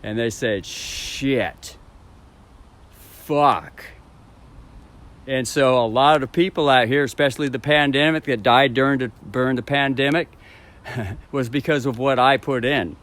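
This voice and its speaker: A man's voice: mid-range voice, normal speed, a bit bright. A man rambling to camera in a casual vlog, swearing and chuckling as he talks. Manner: rambling, profane, chuckling to himself.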